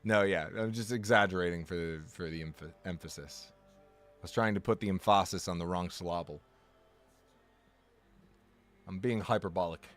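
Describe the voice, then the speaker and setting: A man's voice: deep voice, normal speed, long pauses, a bit bright, soft background music. A man chatting casually on a live stream, rambling, correcting himself often and joking along with his chat. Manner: rambling, self-correcting, jokey.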